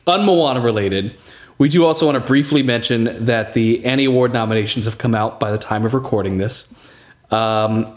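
A male podcast host in casual, chatty conversation with a co-host. His voice sits at an average pitch, and he laughs easily while he runs through lists. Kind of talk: casual chat.

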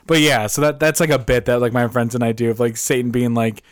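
A man's voice: medium pitch, fast talker, dry recording. A young man co-hosting a comedy podcast, rambling through stories with lots of "like" and laughing easily. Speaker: podcast co-host. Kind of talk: casual comedy chat.

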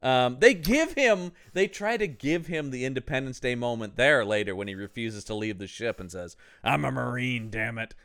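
Animated podcast host, quick to laugh. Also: male voice, medium pitch, smooth. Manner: animated, laughs often, quotes movie lines in mock voices. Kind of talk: casual movie-review chat.

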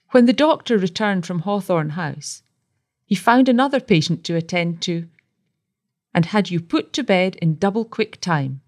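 Woman narrator, low-set voice with lively intonation, reads a story aloud expressively. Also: no echo, clean studio sound. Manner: measured, expressive reading. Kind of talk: scripted story reading.

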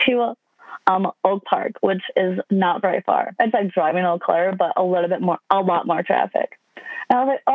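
A woman's voice: medium pitch, fairly even intonation, brisk, dry recording. A young woman in her twenties from Wisconsin, a podcast guest telling stories casually, full of "like" fillers. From Wisconsin, USA. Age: 20s. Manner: chatty, lots of "like" fillers. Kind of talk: casual storytelling. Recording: dry phone-line sound.

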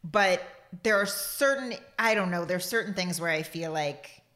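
Bright-voiced woman co-host. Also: fairly low pitch. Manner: brief agreeing replies, quick to laugh. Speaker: podcast co-host. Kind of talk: casual chat.

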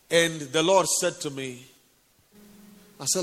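A man's voice: mid-range voice, measured pace, pauses often, fairly bright tone. A male preacher giving a sermon with a personal testimony, speaking intimately to listeners as honey and sweetheart. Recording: reverberant hall.

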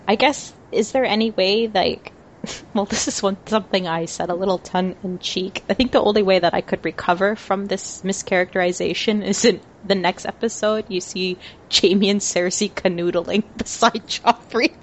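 A woman's voice: mid-range voice, fairly even intonation, moderate pace, a little hiss or hum. A woman hosting a casual podcast discussion, chatty and playful. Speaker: podcast host.

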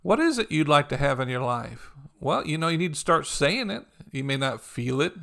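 A man's voice: on the high side, big pitch swings, normal speed, gravelly, a bit bright. A man preaching a sermon in a conversational, repetitive style, dropping in frequent amens and "you know.". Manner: repetitive, encouraging cadence. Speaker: pastor.

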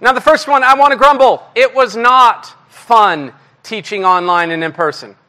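A man delivers a casual, confessional sermon to a congregation. His voice sits high and sounds bright and forward. He mocks himself openly and keeps the delivery lively. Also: normal speed. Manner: candid, self-deprecating, animated. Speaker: guest preacher. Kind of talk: conversational sermon.

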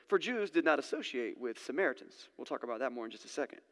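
A man's voice: mid-range voice, sing-song, quick pace, a bit bright, big-room sound. A man preaching a sermon in a conversational, storytelling way with casual asides. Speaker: pastor.

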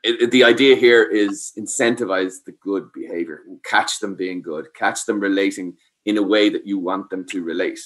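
Guy, lowish voice, explains parenting stuff patiently, keeps asking if it makes sense. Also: steady tone, moderate pace, hardly any pauses. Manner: explains patiently, asks "does that make sense?". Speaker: parenting expert. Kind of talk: advice talk.

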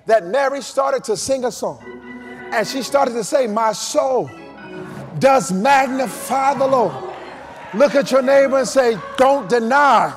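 A man preaching a shouted revival sermon, calling on the congregation to repeat his lines. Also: sits high. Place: church service with a crowd. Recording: live church mic with music and crowd.

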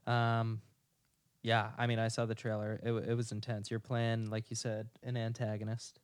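A man hosting a podcast, chatting casually with his guest, easygoing and quick to joke. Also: fairly low pitch, monotone, clear, resonant tone, no room sound, clean studio sound. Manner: easygoing, joking, affirming. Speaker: podcast host.

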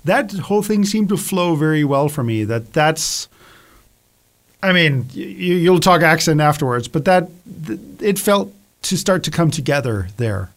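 Halting man giving casual feedback. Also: fairly high pitch, lively intonation. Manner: halting, repeats words while thinking aloud. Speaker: host, music producer.

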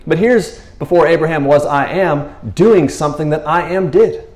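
A man's voice: on the high side, normal speed, a little mellow. A man preaching a casual, rambling sermon, constantly checking in with his listeners. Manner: rambling, chatty, keeps asking "you know what I mean". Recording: roomy echo.

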